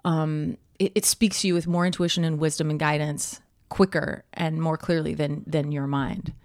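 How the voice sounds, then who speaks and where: A woman's voice: sits low, steady tone, normal speed, a little mellow, dry recording, studio quality. A woman in her thirties co-hosting a podcast, chatting animatedly and telling stories, full of fillers and laughs. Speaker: podcast co-host. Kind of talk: casual chat.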